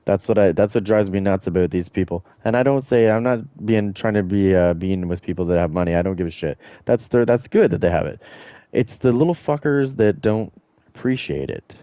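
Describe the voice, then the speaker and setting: Profane, rambling gaming streamer, low voice. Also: male voice, a little fast, no room sound, highs cut off. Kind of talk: casual rant while streaming.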